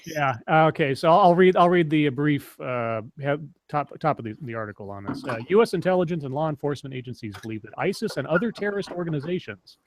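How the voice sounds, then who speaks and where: A man's voice: fairly high pitch, animated, fast, few pauses, dry recording. A man hosting a casual online talk show, chatting, laughing often and reading news headlines aloud. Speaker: show host. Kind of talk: casual podcast chat.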